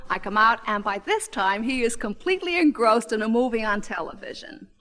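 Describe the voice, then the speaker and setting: Bright, lively New woman comedian. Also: fairly high pitch. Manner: chatty, wry storytelling with quick quoted exchanges. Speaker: stand-up comedian. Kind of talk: stand-up storytelling. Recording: 1960 live comedy album.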